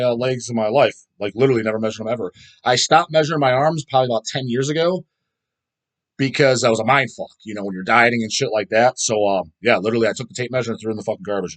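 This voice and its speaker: Fast-talking profane man in his thirties. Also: medium pitch. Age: 30s. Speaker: channel host reading comments. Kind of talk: casual profane vlog rant.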